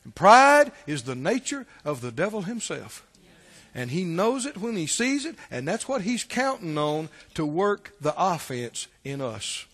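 Man, pastor, sermon, emphatic repetitive preaching, high voice, long hall reverb. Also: big pitch swings, unhurried, fairly bright tone, slightly rough.

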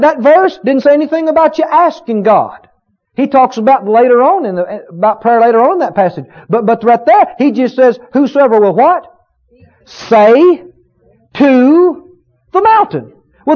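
A male preacher with a very high, lively voice delivers a fervent sermon. He stretches key words slowly and lifts into loud bursts of praise. The recording is dull and lo-fi. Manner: emphatic, drawn-out stresses, rising to shouts of praise.

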